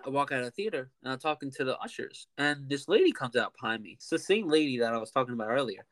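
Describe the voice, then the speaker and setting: A man in his twenties telling a story in a casual, animated way, often saying "like", as a podcast host. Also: mid-range voice, quick pace, no echo. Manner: animated, heavy use of "like".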